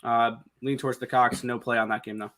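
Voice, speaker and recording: Bright-voiced man giving betting picks. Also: mid-range voice, little pitch movement. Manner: fast, number-heavy with frequent restarts. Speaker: sports betting co-host. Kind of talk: casual picks talk.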